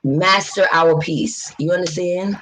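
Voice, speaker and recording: Speaking in a lowish voice on a low-quality recording with a bit of hiss or hum, this woman vlogs from New York City. She's an adult with young children, chatting loosely on a livestream and reading viewer comments. Expect outspoken, often profane bluntness delivered in quick, animated rants.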